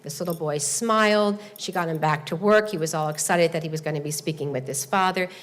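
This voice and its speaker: Low-voiced woman speaking in a hall. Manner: earnest storytelling with pauses and fillers. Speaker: event host and presenter. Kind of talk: formal speech to an audience. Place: large hall at a speaking seminar. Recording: long hall reverb.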